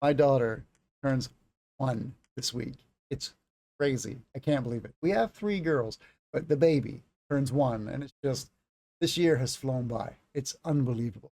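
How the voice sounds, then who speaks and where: A man's voice: mid-range voice, expressive, unhurried, gravelly, warm tone. A man in his thirties, an English teacher, explaining vocabulary in a chatty way on a livestream, with stories from his own life.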